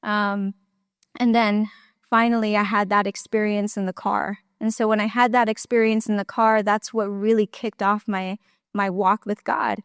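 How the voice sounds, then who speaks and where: A woman's voice: medium pitch, level tone, normal speed, clean tone, no echo, clean studio sound. A young woman giving a personal testimony at a church conference, talking casually with lots of fillers and little laughs. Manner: conversational storytelling with many fillers, laughs often. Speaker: conference speaker.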